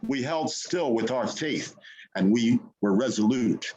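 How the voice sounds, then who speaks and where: Husky man reciting earnest poetry. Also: medium pitch, expressive, dark tone, highs cut off. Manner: earnest, measured recitation after a hesitant spoken preface. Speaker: poet. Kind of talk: poetry reading. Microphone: video call.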